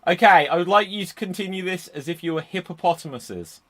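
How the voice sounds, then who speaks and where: A man hosting a live improv comedy show over a video call, shouting freeze and calling out each new scene style. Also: sits high, a little fast, background noise. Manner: shouts "Freeze!" then gives loud, lively instructions. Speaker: improv host. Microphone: computer mic on a video call.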